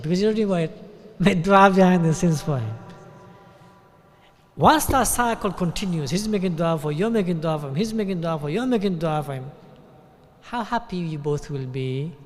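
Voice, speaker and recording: British guy giving a sermon, keeps asking "yeah?", echoey hall sound. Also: on the high side. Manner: conversational preaching with checking "yeah?" asides. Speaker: sheikh giving a talk. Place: mosque hall. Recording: long hall reverb.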